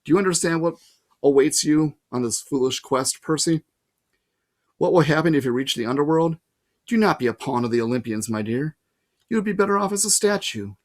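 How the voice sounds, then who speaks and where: A man's voice: on the high side, animated, fairly quick, close to an everyday voice. A man reading aloud and voicing an ancient female snake-haired monster with a falsely sweet, purring manner that breaks into snarls. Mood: soothing, coaxing. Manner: soothing purr turning to snarls.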